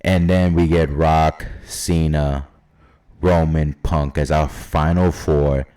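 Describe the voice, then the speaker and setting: A man's voice: a bass voice, steady tone, takes it slowly, dark tone, clear, resonant tone. A man casually talking through his wrestling predictions, rambling and hesitant with many fillers, sometimes quoting imagined fans and wrestlers. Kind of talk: casual solo prediction talk.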